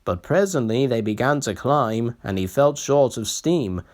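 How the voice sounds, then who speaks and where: Children's story narrator: slow, measured, lively intonation. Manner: slow, expressive reading with lively pitch. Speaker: storybook reader. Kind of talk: children's storybook read-aloud.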